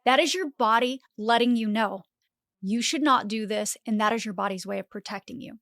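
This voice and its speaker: A woman's voice: on the high side, a little fast, no room sound, clean studio sound. A woman hosting a motivational podcast, talking animatedly and dropping in lots of "like" fillers. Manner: animated, acts out inner voices, frequent "like" fillers. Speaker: podcast host.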